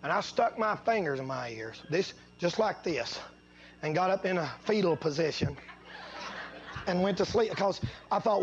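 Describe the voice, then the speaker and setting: A high-pitched man with a drawl preaches a folksy sermon. He tells homespun stories, sinks into low, quiet passages, and climbs into loud, drawn-out exhortation. The sound is muffled and lo-fi. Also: animated. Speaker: pastor.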